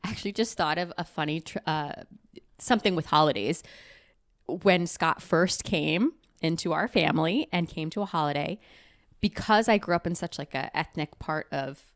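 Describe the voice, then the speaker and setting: Woman, young adult, from the Northeast US, podcast co-host, casual chat, low pitch, dry sound, animated. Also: normal speed, no room sound. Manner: chatty, giggly, animated storyteller. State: pregnant.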